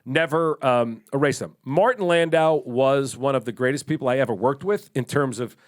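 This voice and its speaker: A man co-hosting a podcast, telling a long story in casual chat, animated, laughing and swearing now and then. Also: medium pitch, moderate pace. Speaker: podcast co-host.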